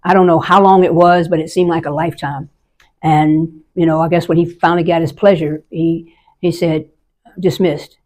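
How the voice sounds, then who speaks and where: An older American woman, an Army veteran, recounts a personal experience in a lowish voice. She speaks earnestly and often stops to restart a sentence. She acts out the voices of the people she quotes. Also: little pitch movement, normal speed, darkish tone. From United States. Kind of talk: personal testimony storytelling.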